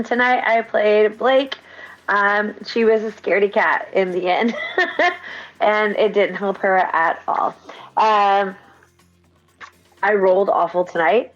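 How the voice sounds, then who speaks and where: A woman's voice: medium pitch, muffled recording. A woman player signing off a tabletop game stream, upbeat and hesitant. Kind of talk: casual sign-off chat.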